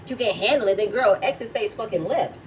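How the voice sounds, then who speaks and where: A woman's voice: medium pitch, fast talker. Woman going off in her reality show recap, blunt and cussing, kinda far from the mic, a bit of noise behind. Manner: blunt, heated and profane. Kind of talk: opinionated commentary vlog.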